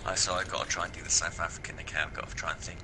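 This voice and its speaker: A man chatting casually on a gaming livestream, playful and quick to swear. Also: low-pitched, flat delivery, background noise. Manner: playful, swears when frustrated. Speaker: livestream co-host.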